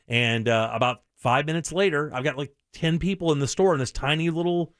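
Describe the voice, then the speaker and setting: A man's voice: fairly high pitch, a little fast, no echo, studio quality. A man hosting a talk radio show, telling a story in a casual, mocking way and acting out the people in it. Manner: animated, mocking storyteller who acts out voices. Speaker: radio host.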